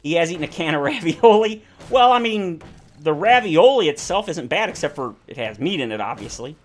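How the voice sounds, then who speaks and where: A man's voice: on the high side, very animated, brisk. A man streaming a survival game, chatting casually in rambling, self-correcting tangents. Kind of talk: casual chat while playing a survival game.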